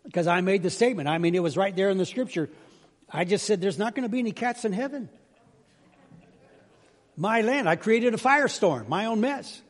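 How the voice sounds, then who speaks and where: A man's voice: sits high, lively intonation, normal speed, long pauses. An older man preaching as a pastor, chatty and self-deprecating, telling folksy jokes in a sermon. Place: church sanctuary. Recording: reverberant church hall.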